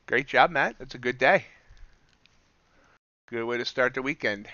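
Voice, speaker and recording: A man's voice: mid-range voice, unhurried, dry recording, lo-fi sound. A man hosting a casual live stream, commenting on the futures market and answering chat as he goes. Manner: relaxed, thinks aloud, answers chat. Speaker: livestreaming futures trader.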